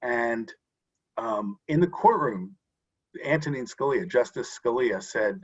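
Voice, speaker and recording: A man's voice: medium pitch, lively intonation, slow, slightly rough. Earnest man explaining over muffled video call. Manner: earnest, explanatory, with frequent restarts. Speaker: guest expert on voting rights. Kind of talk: interview answer.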